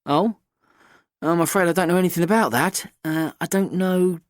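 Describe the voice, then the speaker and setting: A man's voice: sits high, normal speed, dry recording, studio quality, pitched above the performer's own voice, natural voice. A man voicing a nervous supply teacher who speaks in a flustered, hesitant way.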